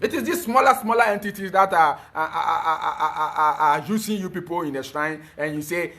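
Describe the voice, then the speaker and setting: A man with a high voice delivers a fervent spiritual talk. He lectures emphatically and keeps stumbling over repeated fillers before pushing on. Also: expressive, moderate pace, creaky, bright, forceful tone. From Ghana. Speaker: spiritual teacher.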